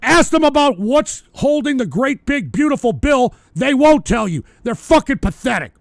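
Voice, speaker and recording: A man hosting his own talk show, delivering an angry, profane political rant and often breaking into shouting. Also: very high-pitched, very animated, normal speed, vocal fry, no echo. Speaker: podcast host.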